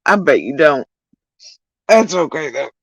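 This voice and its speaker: A woman's voice: low-pitched, unhurried, poor audio. A woman livestreamer talking casually to her chat in a profane, heated rant, addressing viewers directly. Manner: profane, animated ranting.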